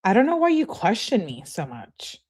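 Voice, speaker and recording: A woman's voice: medium pitch, wildly swooping pitch, normal speed, a little mellow, slightly rough. A woman reading as a curt young boyfriend. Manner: blunt, dismissive.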